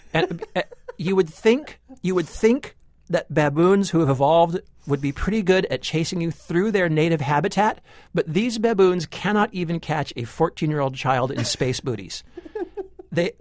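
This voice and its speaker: A man's voice: a little high, no room sound, studio quality. A man co-hosting a film review show, joking and laughing between restarts as he picks apart a movie. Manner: animated, laughing, deadpan jokes with many restarts. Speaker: podcast co-host, film critic. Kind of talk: casual movie review banter.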